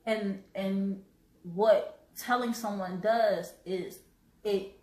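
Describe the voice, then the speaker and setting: Slow-talking woman host in an echoey room. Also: mid-range voice, fairly even intonation, dark tone. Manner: earnest, halting, repeats words. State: choked up, coughing. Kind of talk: live-stream commentary.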